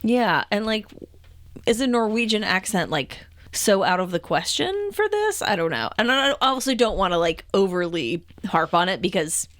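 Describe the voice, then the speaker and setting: A woman's voice: mid-range voice, animated, normal speed, fairly bright tone, dry recording. A woman co-hosting a movie podcast in casual chat, thoughtful and mildly opinionated. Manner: thoughtful, mildly opinionated, uses many "like" fillers. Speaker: podcast co-host.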